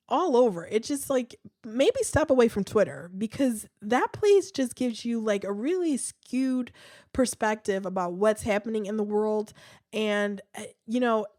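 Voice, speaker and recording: A woman's voice: medium pitch, lively intonation, measured pace, a little mellow, dry recording, studio quality. A woman hosting a podcast, talking in a chatty, candid way with many fillers, sighs and restarts. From United States. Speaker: podcast host. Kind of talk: casual podcast commentary.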